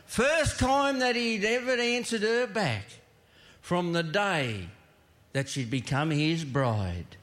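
Man, comic poem recitation, high voice, very slow and lively. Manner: storytelling, drawn-out delivery.

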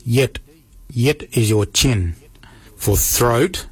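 A man teaching words in a radio language lesson, slowly spelling each word letter by letter. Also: medium pitch, breathy edge, no room sound.

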